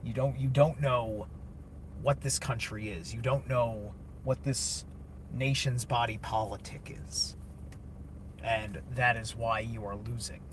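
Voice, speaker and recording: A man's voice: mid-range voice, steady tone, takes it slowly, background noise. A man streaming a blunt, casual, opinionated monologue, swearing heavily and answering chat.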